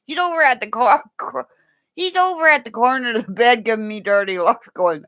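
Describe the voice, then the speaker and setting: A woman's voice: a little high, a little fast, fairly bright tone. A woman casually chatting to her livestream viewers from home, laughing constantly, swearing freely and teasing them affectionately. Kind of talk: casual rambling chat. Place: at home, in bed with her dog.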